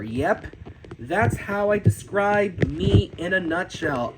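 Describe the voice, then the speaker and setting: A man, an amateur cartoonist, narrating a casual tour of his sketchbook with excited gasps and cheers, often restarting his sentences. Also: high-pitched, slow, background noise.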